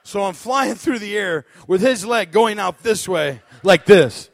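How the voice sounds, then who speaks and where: Guest preacher, male, lively storyteller with a comic streak, dry close sound. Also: high-pitched, unhurried, creaky, dry recording. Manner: animated storyteller, laughs often, acts out moments. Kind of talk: sermon with a comic personal story.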